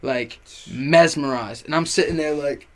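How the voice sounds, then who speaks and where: A young man, a rapper on as a podcast guest, telling a party story in casual chat, animated and profane, packed with fillers. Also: on the high side, unhurried.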